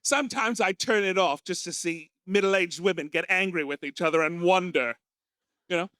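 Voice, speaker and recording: A man's voice: moderate pace, pushed and bright, clear, resonant tone, no room sound, studio quality. A man from the United States with an American accent, hosting a stand-up comedy night in a camp, theatrical manner. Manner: camp, theatrical, swooping into shrill character voices. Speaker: comedy host. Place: small pub venue with live audience.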